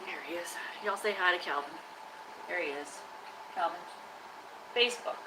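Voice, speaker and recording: A woman's voice: fairly low pitch, normal speed, background noise. A woman chatting casually on a live stream from her workshop, teasing and scolding her trash can like a buddy. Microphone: live-stream camera mic.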